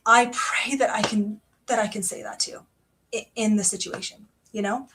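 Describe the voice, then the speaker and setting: A young woman hosting a casual book club livestream, chatty and excitable with lots of fillers. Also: mid-range voice, normal speed, slight background noise. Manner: chatty and excitable, many fillers, reads passages aloud.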